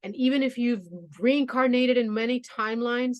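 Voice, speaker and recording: A woman's voice: a little high, steady tone, moderate pace, highs cut off. A woman doing a spiritual tarot reading, talking in a soothing, reassuring way with many "you know" and "okay" asides. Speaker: tarot reader.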